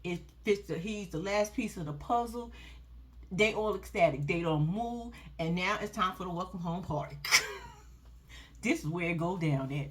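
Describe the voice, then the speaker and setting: A woman giving casual, animated commentary on a reality show, laughing often and swearing freely. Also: fairly low pitch, moderate pace. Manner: animated, laughing, profane, sassy.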